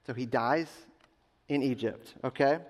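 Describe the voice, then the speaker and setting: A man's voice: mid-range voice, a little slow. A man preaching a sermon who retells the story casually and talks directly to the congregation. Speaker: pastor. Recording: long reverb of a large hall.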